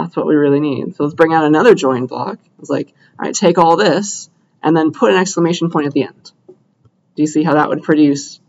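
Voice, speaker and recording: A man's voice: on the high side, darkish tone. Upbeat male lecturer, lo-fi classroom sound. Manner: upbeat, asks checking questions often. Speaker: computer science lecturer. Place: lecture room.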